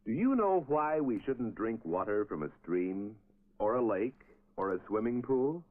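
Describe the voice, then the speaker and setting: A man's voice: fairly low pitch, very animated, unhurried. An actor playing a grown man who quizzes children in an old film, with an instructive, questioning manner. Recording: tinny old film soundtrack.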